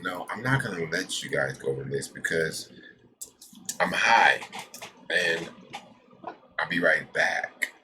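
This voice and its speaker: Rambling low-voiced man hosting a stream. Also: expressive, a little slow, pauses often, sharp tone, a little hiss or hum, low-quality recording. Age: adult with a daughter. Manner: rambling, loose, swears often; reads lists aloud with side remarks. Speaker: host of a cannabis news show. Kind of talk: casual live-stream chat.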